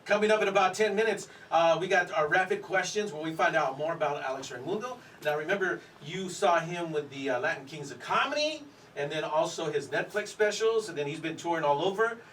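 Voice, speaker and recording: High-voiced upbeat radio host. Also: male voice, expressive, fairly quick, fairly bright tone, recorded from a distance, a little hiss or hum, low-quality recording. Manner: upbeat, laughs often, repeats "there you go". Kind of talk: morning radio interview.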